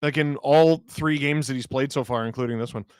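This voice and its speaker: This mid-range male voice sounds hoarse and cold-roughened as he runs a live hockey watch-along. He calls the play at speed and reads from chat with bursts of excited shouting, and there's no room sound.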